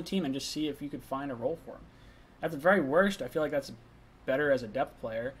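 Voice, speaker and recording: A man's voice: mid-range voice, quick pace, husky. Chatty young guy eating on a stream. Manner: loose, chatty, eating while talking. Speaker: live stream host. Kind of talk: casual live stream chat reading chat messages.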